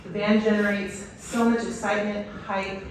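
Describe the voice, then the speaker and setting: A woman's voice: medium pitch, level tone, normal speed, a little hiss or hum. A woman coach giving an enthusiastic storytelling speech to a stadium crowd, with many fillers. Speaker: head volleyball coach, guest speaker. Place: outdoor stadium. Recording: echoey stadium PA from far off.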